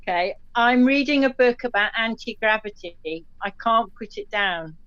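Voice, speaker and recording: A woman's voice: a little high, moderate pace, fairly bright tone, clear, resonant tone, no room sound. Chatty woman reading jokes, dull lo-fi. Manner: chatty, reads jokes aloud with small slips and restarts. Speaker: host telling listener jokes. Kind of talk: casual chat, reading out jokes. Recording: dull dry lo-fi sound.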